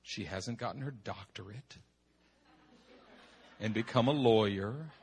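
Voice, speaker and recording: A middle-aged male pastor preaching a sermon with impassioned emphasis, swinging from hushed tones to shouting and repeating words for effect. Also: on the low side, a little slow, husky. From United States.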